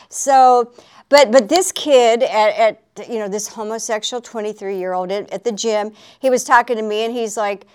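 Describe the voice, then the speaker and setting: A woman's voice: on the high side, measured pace, darkish tone, smooth. A woman preaching in a chatty, conversational way on a faith talk show, laughing often and asking for an Amen.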